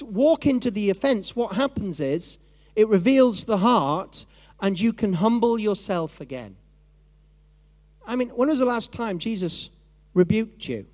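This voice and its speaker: A man preaching a sermon in a lively, conversational way, acting out his own thoughts and voices. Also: sits high. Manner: animated, conversational, acts out inner voices.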